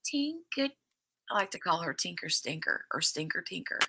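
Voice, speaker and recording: A woman's voice: fairly low pitch, big pitch swings, normal speed, gravelly, pushed and bright, slightly rough. A woman hosting a casual livestream, chatty and laughing often as she greets viewers by name and recaps a TV episode. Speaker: livestream host.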